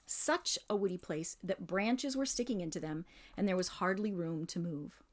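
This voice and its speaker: A woman's voice: fairly low pitch, moderate pace. Woman reading a storybook aloud. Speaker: reader.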